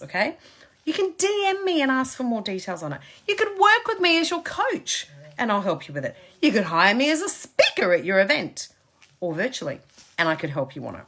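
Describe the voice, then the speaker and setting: Woman life coach on a live stream, bright lively pitch, emphatic, casual. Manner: emphatic and chatty, repeats phrases for stress. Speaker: success coach. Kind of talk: motivational Facebook Live talk.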